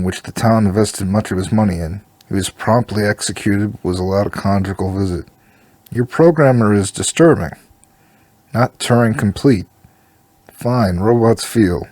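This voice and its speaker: A man's voice: fairly low pitch, darkish tone, dry recording. A man reading a story aloud, giving every part in his own plain voice. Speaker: story reader.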